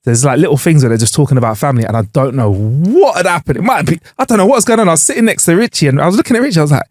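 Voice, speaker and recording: A man's voice: fairly high pitch, expressive, rapid-fire, darkish tone, no echo, studio quality. A young man co-hosting a podcast, chatting in a laid-back, slangy way. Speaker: podcast co-host. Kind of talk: casual chat.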